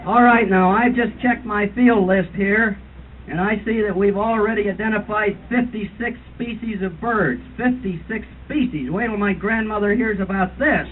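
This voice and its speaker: Casting: man playing a fussy older birding guide, high voice, tinny lo-fi 1970s tape with a faint hiss. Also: moderate pace, close to an everyday voice. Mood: lecturing. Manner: mock-authoritative lecturing, imitates bird calls. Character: fussy older male birding tour leader. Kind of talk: comic impression at a roast dinner.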